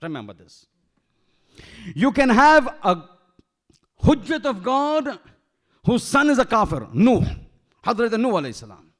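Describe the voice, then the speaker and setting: A shaykh preaches in a mosque with a strikingly high-pitched male voice. He presses his points with rhetorical questions and drops in Arabic terms and verses as he goes. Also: very animated, unhurried, long pauses. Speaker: shaykh giving a majlis lecture. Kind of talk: sermon.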